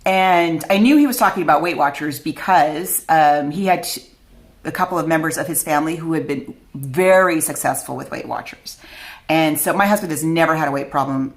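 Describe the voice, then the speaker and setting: A woman's voice: low-pitched, brisk. A middle-aged woman vlogger telling a personal story to camera, chatty and candid, often laughing at herself.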